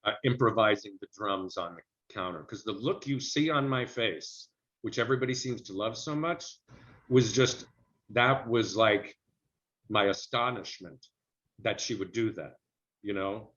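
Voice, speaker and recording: A middle-aged actor, being interviewed, tells lively anecdotes in casual conversation and acts out the people he quotes. His voice is on the low side, and the recording sounds dull and lo-fi.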